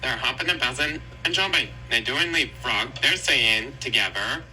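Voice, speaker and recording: A man's voice: medium pitch, normal speed, pushed and bright, a little hiss or hum, rough recording. A man casually retelling a cartoon episode in a rambling, repetitive way. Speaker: storyteller.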